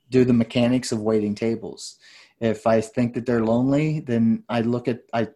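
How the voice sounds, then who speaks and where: A man in his thirties talks as a podcast guest, warm and mellow in tone. He tells his story in an earnest, intense way, and at times he gets loud and passionate. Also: mid-range voice. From United States. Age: 30s. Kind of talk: casual storytelling.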